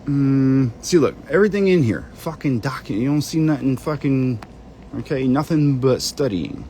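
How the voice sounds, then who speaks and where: A channel host rambles while searching documents during a screen-share, muttering to himself and cursing quietly. His mid-range voice is warm with lively intonation at a normal speed, and there's slight background noise.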